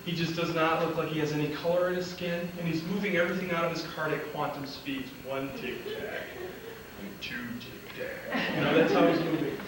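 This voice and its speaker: Man, motivational speaker, comic storyteller, acts out voices, slightly high voice, booming hall echo, far from the mic. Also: fairly even intonation, fast talker, hardly any pauses. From Illinois. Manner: comic storytelling, acts out dialogue, laughs at his own jokes. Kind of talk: storytelling speech to a live audience. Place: large auditorium. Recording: roomy hall sound, distant mic, loud room noise.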